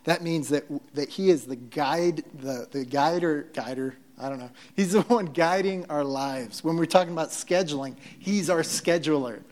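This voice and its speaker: A man preaching a sermon in a conversational, joking way, often restarting his sentences. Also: fairly high pitch. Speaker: pastor.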